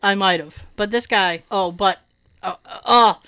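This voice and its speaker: A woman's voice: mid-range voice, a little slow, clean tone. A woman telling a story in casual chat, acting out what others said and laughing often. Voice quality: hearing loss in right ear. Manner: animated, laughing storyteller who acts out quotes.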